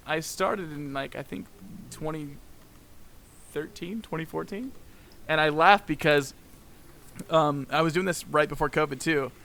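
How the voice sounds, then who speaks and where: A man in a relaxed podcast conversation with a bright, forceful voice pitched a little high. He tells stories with lots of energy, laughs often and acts out the back-and-forth of past conversations. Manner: animated storyteller, laughs often, acts out quoted exchanges. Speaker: guest animator. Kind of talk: casual podcast chat.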